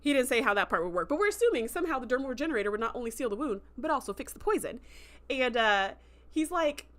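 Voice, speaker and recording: A woman hosts a casual livestream review, walking through a story in a loose, chatty way. Her voice sits a touch high. She gets emotional and lively, and she slips into little voices whenever she acts out a quoted line. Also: racing. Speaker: host.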